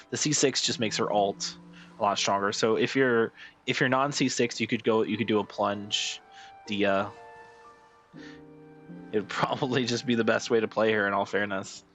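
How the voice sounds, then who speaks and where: A man streaming and chatting casually with his live chat, rambling with lots of fillers and restarts, and getting excited when amused. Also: fairly low pitch.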